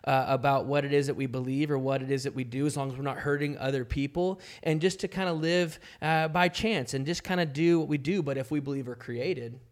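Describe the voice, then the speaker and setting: A man's voice: medium pitch, steady tone, brisk, hardly any pauses. Playful man pastor chatting on a podcast. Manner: playful, slips into goofy put-on accents. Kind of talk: casual podcast chat.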